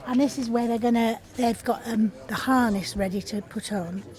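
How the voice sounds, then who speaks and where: An older woman, a stage actor telling backstage stories in a lively, self-deprecating way with frequent laughs. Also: fairly high pitch, moderate pace, a loud crowd. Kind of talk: backstage storytelling. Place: theatre backstage.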